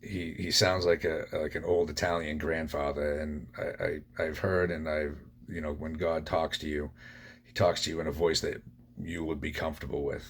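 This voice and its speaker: A man's voice: very deep voice, level tone, moderate pace, breathy edge. A man hosting a podcast, telling his own recovery story in a blunt, profane way. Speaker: podcast host.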